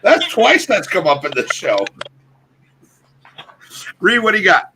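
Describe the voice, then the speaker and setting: Slow, playful man joking around. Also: sits high, big pitch swings, background noise. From Ireland. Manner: joking, laughing, playful bits. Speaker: co-host. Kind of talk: casual group video call chat.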